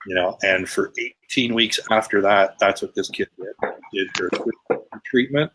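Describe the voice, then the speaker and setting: A man speaks as a podcast guest and tells a personal story in a low voice. His delivery is emphatic and conversational. He often retells moments with quoted dialogue. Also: measured pace, background noise. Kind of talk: casual storytelling.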